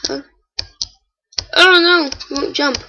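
A woman giving casual, chatty commentary while playing a game, with excitable, startled exclamations. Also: high-pitched, slow, muffled recording, noisy background. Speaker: gamer.

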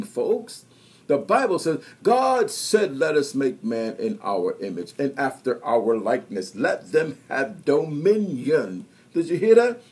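A man's voice: a little high, slightly rough. A man preaching a sermon, exhorting his listeners and calling them to repeat after him. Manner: exhorting, call-and-response preaching. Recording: radio broadcast.

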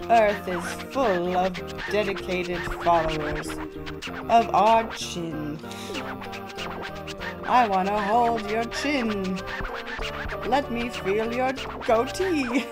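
A woman voicing a grandiose, self-important male cosmic king, reading the game's lines slowly and with drawn-out pomp. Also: medium pitch, close to an everyday voice. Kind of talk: reading game dialogue aloud in a voice.

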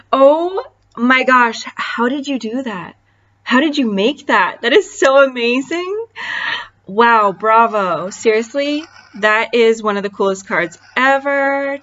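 Woman, craft vlog host, gushing, chatty, unhurried, muffled recording. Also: a little high. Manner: gushing, excitable, chatty with many fillers. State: voice cracking. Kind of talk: casual unboxing chat.

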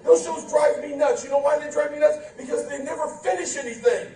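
A male pastor preaching a lively sermon, playful and animated, acting out quotes, in a church sanctuary. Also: very high-pitched, brisk, far from the mic. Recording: roomy church from afar.

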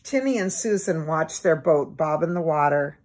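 A woman gently reading a children's book aloud in an expressive bedtime manner. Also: low-pitched, normal speed. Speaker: storybook reader.

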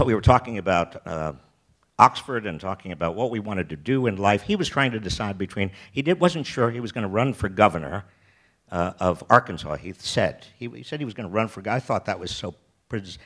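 An older American man giving a keynote talk, telling personal stories in a rambling way, with many restarts and wry self-deprecating humor. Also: fairly low pitch. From United States. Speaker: keynote speaker. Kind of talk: storytelling talk. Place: festival stage.

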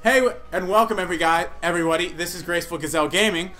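A man's voice: high voice, very fast, pushed and bright. A young man hosting a casual group gaming video, upbeat and joking at his own expense. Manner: upbeat, joking, self-mocking. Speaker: host.

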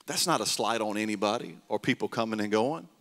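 Man, pastor, lowish voice, sermon, loud bursts and hushed passages, reverberant church hall. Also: a little fast. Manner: animated storytelling, swinging from loud to hushed. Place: church sanctuary.

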